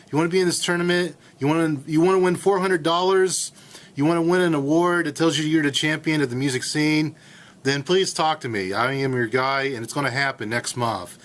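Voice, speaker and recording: A young man in his late twenties hosts a college radio show live from a campus studio. His voice sits a little high, and he clowns around in a goofy, playful way. He sounds like he is riffing, not reading a script. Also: a bit bright. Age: late 20s. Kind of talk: casual comedic radio hosting.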